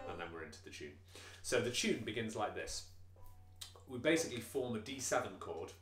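Relaxed man teaching banjo, roomy sound. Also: fairly low pitch, fast, faint music behind. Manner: relaxed, explains patiently, counts beats aloud, many fillers. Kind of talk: instrument tutorial. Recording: roomy echo, banjo playing behind.

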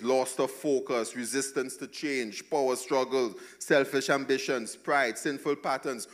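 Slow, emphatic male preacher. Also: mid-range voice. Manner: emphatic, repetitive, swings between soft and loud. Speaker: pastor. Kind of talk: sermon.

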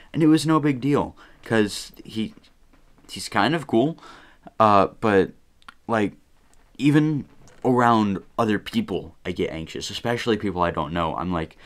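A man's voice: on the low side, expressive, moderate pace. A teenage boy talking casually to his viewers in a rambling, self-deprecating vlog monologue. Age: teens. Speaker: vlogger.

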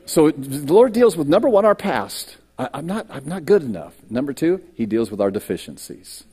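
A man's voice: on the high side, very animated, moderate pace, mellow, breathy edge. A man preaching a sermon as a pastor, acting out quoted lines and self-doubt, with stammered restarts. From United States. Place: church sanctuary.

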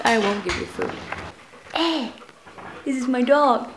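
A woman's voice: fairly high pitch, expressive, a little slow, a little hiss or hum. A teenage woman with as her rambles through a casual home vlog in her bedroom. She giggles and corrects herself as she goes. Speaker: vlogger. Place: her own bedroom, indoors.

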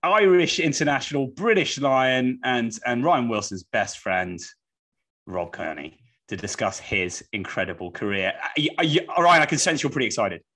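Male podcast host, upbeat, bantering, mid pitch. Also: animated, normal speed, bright, forceful tone. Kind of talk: podcast presenting.

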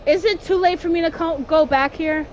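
High-voiced woman gamer, exasperated. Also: steady tone, normal speed, slight background noise. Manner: exasperated, complaining, shouting at the character. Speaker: gamer playing a horror game. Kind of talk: let's play commentary.

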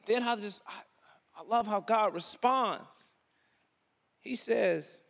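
A man giving a conference sermon in an animated preaching style, with casual slang. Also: sits high, slow pace, gravelly, pauses often. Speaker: keynote speaker.

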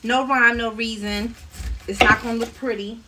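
A woman's voice: on the high side, steady tone, normal speed. A woman hosting a casual cooking live stream from her home kitchen, chatting and laughing with her viewers as she cooks. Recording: live-stream audio from a distance, noisy.

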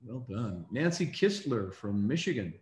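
A man hosting a casual online call, reading out names in an upbeat, brisk way. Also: medium pitch, very animated, darkish tone, echoey room. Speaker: host.

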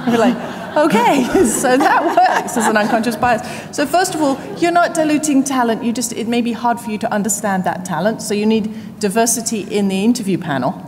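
A woman's voice: on the high side, fast, hardly any pauses, a little mellow, a faint crowd. A woman panelist speaking emphatically and telling anecdotes at a business conference, laughing often as she makes her points. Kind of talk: panel discussion. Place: conference hall. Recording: reverberant hall with faint noise.

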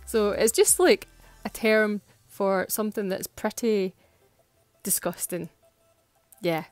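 Scottish woman vlogger, casual and giggly, dry close voice with soft music underneath. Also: medium pitch, slow pace, pauses often, no echo. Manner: chatty and giggly, laughs often. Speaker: nail art vlogger. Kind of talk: casual tutorial chat.

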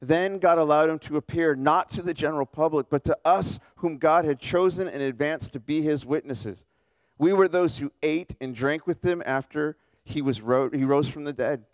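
This pastor, a man, preaches in church in a relaxed, humorous way, rapidly switching voices to play the people in his story. He sounds a little high, and the recording is dry.

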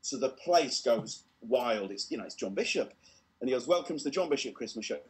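A British man telling a comedy story on an online show, lively and acting out the voices, laughing at his own tale. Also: medium pitch, a little fast.

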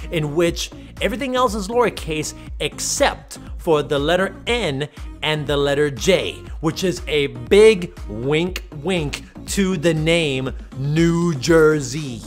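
A man giving casual, rambling voice-over commentary on his own speed painting, thinking aloud with frequent restarts. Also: a little high.

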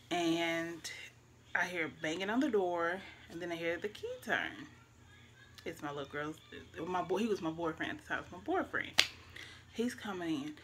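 Bright-voiced woman telling a story. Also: lowish voice, a little hiss or hum. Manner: emotional, drawn-out, drops to near-whispers. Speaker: vlogger. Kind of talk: casual storytelling.

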